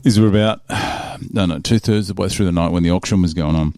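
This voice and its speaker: A man's voice: deep voice, fairly quick, a little mellow, dry recording, clean studio sound. An Australian man hosting a podcast, telling a story in casual chat with many restarts. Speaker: podcast host.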